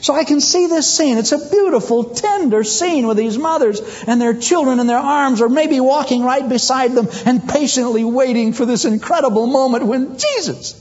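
A male preacher giving a sermon in a humorous, animated way, acting out scenes. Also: extremely high pitch, moderate pace, few pauses, dull audio.

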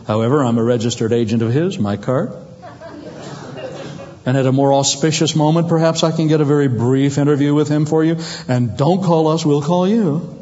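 A man playing an officious apostle who brushes off a mother with fast, fussy, self-important talk. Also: fairly high pitch, mellow, muffled recording, voice pushed down, natural voice.

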